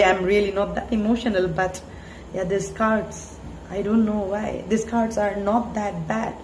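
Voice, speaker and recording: A woman giving a spiritual tarot reading in an earnest, halting way, full of fillers and restarts. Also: mid-range voice, level tone, a little mellow. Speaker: tarot reader. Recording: echoey room, faint hiss.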